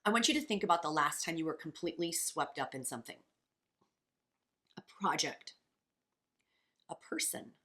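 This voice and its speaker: A woman's voice: low-pitched, lively intonation, racing, hardly any pauses, bright, forceful tone. A woman co-hosting a podcast as a coach, talking in a passionate, blunt and profane way. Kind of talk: casual motivational podcast chat.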